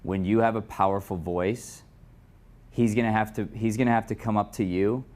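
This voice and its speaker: A man coaching actors in an acting studio, giving quick direct notes between takes. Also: fairly low pitch, fairly even intonation, darkish tone. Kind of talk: live coaching in an acting class.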